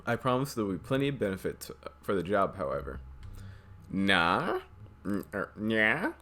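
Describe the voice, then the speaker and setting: A man's voice: lowish voice, huge pitch swings, normal speed, sharp tone, full character voice. A man voicing a sly, cheeky female cat witch in a game, talking in a teasing, coaxing way. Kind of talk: reading a game's dialogue aloud.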